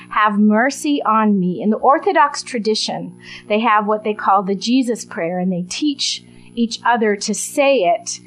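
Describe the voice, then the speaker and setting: A woman preaching a sermon, telling a gospel story in a lively way and acting out the voices of the crowd. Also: on the high side, poor audio.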